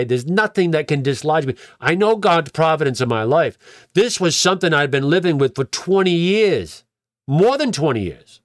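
A man's voice: fairly high pitch, fairly bright tone, no room sound, clean studio sound. A man, a pastor, telling his own story in a conversational way, repeating words and acting out what people said to him. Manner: conversational, repeats words, acts out quoted dialogue. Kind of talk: personal testimony storytelling.

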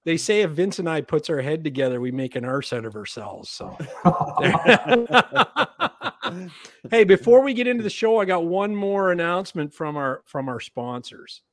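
A man's voice: fairly high pitch, animated, unhurried. A man hosting a podcast in a loose, joking chat, poking fun at himself. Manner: jokey and self-mocking. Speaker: podcast host. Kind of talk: casual chat.

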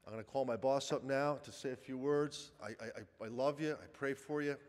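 A man's voice: mid-range voice, fairly quick. A man who runs a charity, giving an earnest, conversational appeal to a congregation during Mass. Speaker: charity director speaking at Mass. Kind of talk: heartfelt appeal from the pulpit. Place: large church. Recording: echoey church hall.

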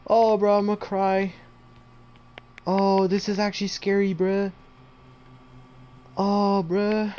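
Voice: medium pitch, unhurried, pauses often, warm tone. A gamer giving commentary on a horror game, jumpy and slangy, talking to the monsters and breaking into panicked repeated screams.

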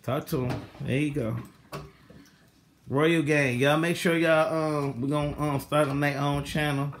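A man's voice: a little high, steady tone, measured pace, a little hiss or hum. A man in a home kitchen, casually talking viewers through a cooking session as he patiently coaches children step by step. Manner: coaxing, patient, calls out directions. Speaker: vlogger teaching kids to cook. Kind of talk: casual vlog instruction.

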